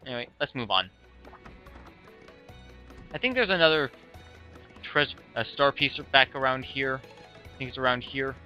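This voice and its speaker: A man's voice: medium pitch, unhurried, long pauses, sharp tone. A man casually commentating a game playthrough in a laid-back, rambling, self-deprecating way. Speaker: let's play host. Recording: dull lo-fi with music.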